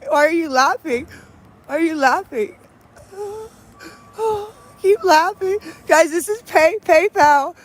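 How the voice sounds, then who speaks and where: A woman's voice: high voice, unhurried. A young woman from western Pennsylvania, crying and cold, pleading for help on a live stream with heavy sighs. She is outdoors in the cold. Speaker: livestreamer.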